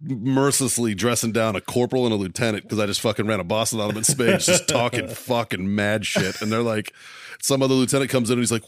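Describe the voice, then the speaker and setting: A man's voice: medium pitch, lively intonation, fast talker, no echo. Laid-back storytelling man, dry close mic. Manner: laid-back, swears a lot, laughs at own story. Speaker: podcast co-host. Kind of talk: casual storytelling with cursing.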